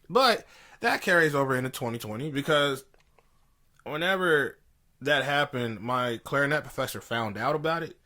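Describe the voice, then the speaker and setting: On a poor-quality recording, a young man co-hosting a podcast tells a story in casual, slangy chat, laughing as he goes. His medium-pitched voice is bright, expressive and forceful, and he speaks unhurriedly with long pauses.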